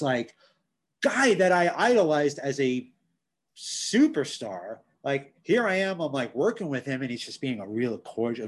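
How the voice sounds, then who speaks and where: A man telling road stories as a guitar tech guest, animated and swearing when excited. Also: medium pitch, breathy edge. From Long Island, New York. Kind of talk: casual storytelling.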